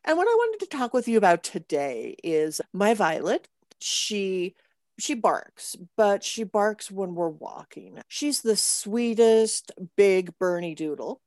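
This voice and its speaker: A woman's voice: mid-range voice, sing-song, slow, a little mellow, no room sound, studio quality. A woman caller telling a trainer about her dog, rambling and laughing often. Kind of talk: casual chat.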